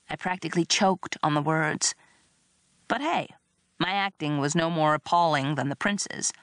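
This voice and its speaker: A woman reading a first-person story aloud in a wry, expressive narration. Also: low-pitched, a little slow, dry recording, studio quality. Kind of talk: audiobook narration.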